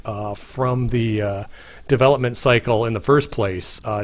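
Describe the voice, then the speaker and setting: Rambling man hosting a livestream. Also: medium pitch. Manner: rambling, full of fillers and restarts. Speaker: game developer hosting a livestream. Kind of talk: casual livestream chat.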